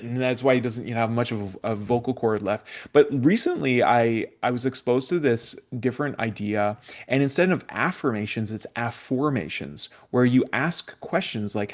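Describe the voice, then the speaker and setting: A man's voice: medium pitch, moderate pace, hardly any pauses. A young adult man from Canada hosting a spiritual podcast, telling stories in a casual, rambling way with many fillers and restarts. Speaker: podcast host. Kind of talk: casual conversational interview.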